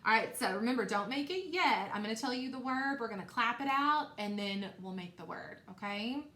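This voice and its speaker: A woman teacher leading a recorded phonics lesson for young children, slow and encouraging, repeating sounds for them to echo. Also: on the high side, lively intonation, fairly bright tone.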